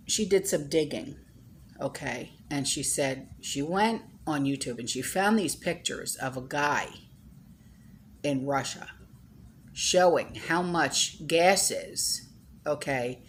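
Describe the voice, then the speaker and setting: Woman, low voice, unhurried, rambling casual chat, faint background noise. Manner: rambling, full of "you know" and "okay?". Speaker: channel host.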